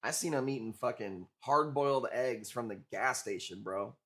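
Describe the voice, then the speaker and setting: A livestream host from Illinois sells coral in a loose auction chat, joking with viewers and cursing along the way. He speaks at normal speed in a mid-range voice with a fairly bright tone.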